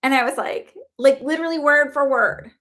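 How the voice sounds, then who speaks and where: A woman's voice: high voice, moderate pace, fairly bright tone. Woman, young adult, psychic medium, casual livestream talk, reassuring, filler-heavy. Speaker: psychic medium giving live readings.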